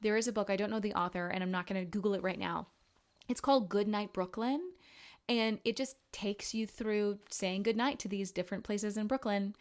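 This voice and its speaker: A woman in her twenties chats casually as a podcast host. She is frank, animated and a little profane, and she rambles through quick asides and corrects herself as she goes. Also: medium pitch. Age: 20s. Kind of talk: casual chat.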